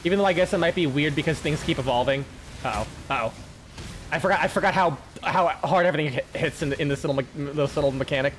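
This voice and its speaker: A young man streams a game and talks to his chat in a loose, rambling way, often restarting his sentences. His voice sits a little high for a man, and he swears freely as he goes. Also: quick pace, a little hiss or hum. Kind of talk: casual gaming chat.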